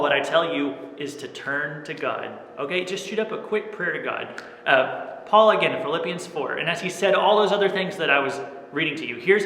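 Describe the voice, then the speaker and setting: A man's voice: a little high, pushed and bright, slight background noise. A man preaching a sermon as pastor, earnest and plain, often checking in with "okay?". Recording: echoey room with long reverb.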